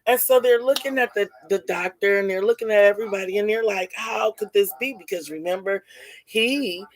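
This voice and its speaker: In a low-quality recording, a woman with a medium-pitched voice tells a rambling family drama story at a fairly quick pace. She speaks casually, often repeating herself, restarting, and correcting what she said.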